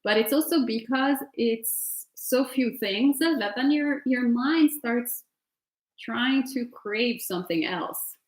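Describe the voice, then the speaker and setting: A woman's voice: a little high, takes it slowly. A woman with an Italian accent, a meditation teacher answering retreat questions in a chatty way with lots of fillers and laughter. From Italy. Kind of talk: casual Q&A at an online retreat. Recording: roomy echo.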